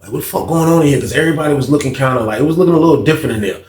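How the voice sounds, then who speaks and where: In an echoey room, a man with a slightly high voice tells a story at rapid-fire speed, casual, animated and full of slang, dropping to a hush for the tense parts.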